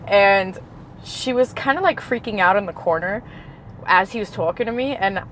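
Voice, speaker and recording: A woman's voice: medium pitch, normal speed, a little hiss or hum. A young woman from Queens, a guest telling stories in a casual interview with lots of laughter. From Queens, New York. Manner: laughs often, animated storyteller.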